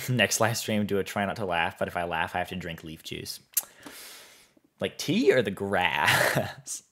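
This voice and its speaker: Low-voiced man chatting on a game stream. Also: a little fast, fairly bright tone. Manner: rambling, reads chat aloud, easygoing. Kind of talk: casual live-stream chat while playing.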